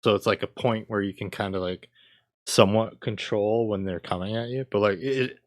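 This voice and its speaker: A man's voice: fairly low pitch, steady tone, a little fast, dry recording, studio quality. A young adult man hosting a casual gaming podcast, rambling with lots of filler words. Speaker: podcast host.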